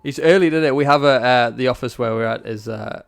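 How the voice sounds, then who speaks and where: A man hosting a podcast in casual chat, chatty and quick to agree with his guest. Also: medium pitch, creaky, clear, resonant tone. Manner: quick talker, chatty, lots of brief agreements. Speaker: podcast host.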